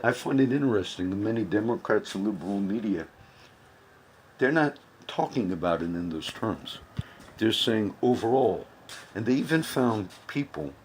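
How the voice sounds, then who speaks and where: Deep-voiced man rambling on politics. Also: slight background noise. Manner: rambling, repeats phrases for emphasis. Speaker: political commentator. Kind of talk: casual political commentary vlog.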